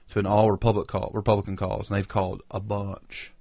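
A man's voice: on the low side, fairly quick, gravelly, dry recording, clean studio sound. A man co-hosting a podcast, chatting casually and telling rambling, joking stories. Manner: rambling, joking, animated storytelling. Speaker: podcast co-host. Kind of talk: casual chat.

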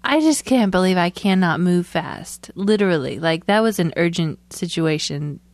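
A woman's voice: on the low side, animated, normal speed, no room sound. Giggly chatty woman podcast co-host. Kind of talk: casual chat.

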